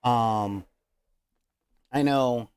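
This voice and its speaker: A man's voice: medium pitch, extremely slow, darkish tone, clear, resonant tone. A man hosting a casual talk about tabletop roleplaying as a game master, speaking earnestly with many hesitations and fillers.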